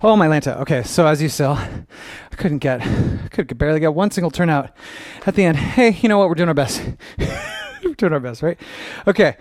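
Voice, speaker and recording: A man's voice: on the high side, lively intonation, moderate pace, no room sound, clean studio sound. Upbeat male dance teacher counting steps. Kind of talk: dance class instruction with counts.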